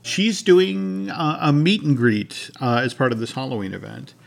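A man's voice: mid-range voice, moderate pace, gravelly. Chatty man co-hosting a podcast. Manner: conversational, many restarts, reads sponsor copy. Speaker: podcast co-host. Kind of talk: casual chat and news reading.

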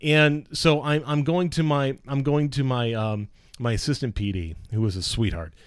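A man who works as a radio personality, telling stories in casual conversation in an animated way, swearing now and then and acting out the people he quotes. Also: mid-range voice, moderate pace, clean tone, dry recording, studio quality.

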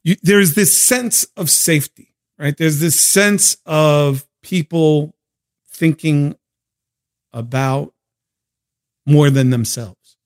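A hoarse man hosting a casual livestream chat, telling stories in an animated, slangy way. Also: a little high, slow, long pauses. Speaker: show host.

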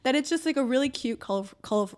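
A woman's voice: sits high, expressive, fast talker, a little mellow. Chatty woman, laughing often. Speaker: comedian guest. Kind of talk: casual podcast chat.

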